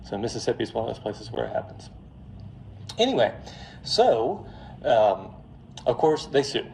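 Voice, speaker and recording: A man lecturing on finance in a classroom, telling a story in a lively, joking way straight to his students. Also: medium pitch, moderate pace, a little hiss or hum. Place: classroom before a live audience.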